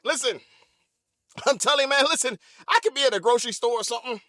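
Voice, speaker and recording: Man, very high bright voice, animated improv comic, dry close sound. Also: brisk, no echo. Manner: animated, repetitive, laughs often. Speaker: podcast host. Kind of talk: improvised comedy monologue.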